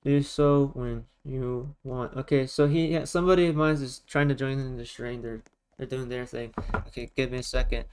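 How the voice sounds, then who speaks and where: A man talking casually on a live stream while gaming, in a loud, projecting voice, often repeating himself for emphasis. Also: medium pitch, steady tone, normal speed, smooth, poor audio.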